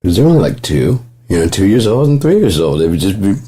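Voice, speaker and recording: A man with a low, dark voice talks gently and at length, drifting from one thought to the next. His tone is husky, and he swears freely and breaks into chuckles often. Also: very animated, quick pace, hardly any pauses. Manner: rambling, profane, chuckles often. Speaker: vlogger. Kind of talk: gentle casual monologue.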